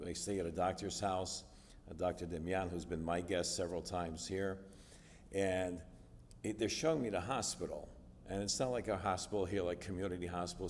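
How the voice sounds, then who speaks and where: A middle-aged American guest speaker gives a testimony sermon in a church sanctuary, telling his story conversationally with lots of fillers. His voice is low and darkish, picked up from a distance in the reverberant hall with slight background noise.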